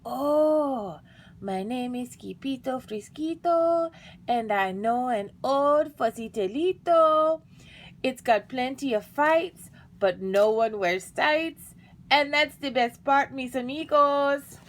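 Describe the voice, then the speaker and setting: A woman's voice: mid-range voice, lively intonation, slow pace, sharp tone, exaggerated voice. A woman voicing a playful, boastful kitten boy with a bouncy, sing-song manner. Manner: sing-song, bouncy, fake Spanish flair.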